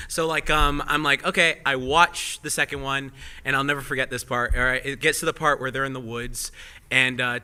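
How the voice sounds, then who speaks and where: A man speaks with a very bright, sharp tone at an ordinary pitch. He tells a rambling, animated story in casual panel talk, full of asides. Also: clean tone. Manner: rambling, animated, many "I was just like" asides. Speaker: podcast panelist. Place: convention panel room with audience.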